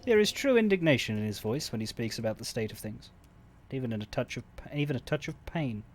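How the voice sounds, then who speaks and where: A male streamer reading video game dialogue aloud, halting and stumbling a little over words. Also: medium pitch, lively intonation, faint music behind.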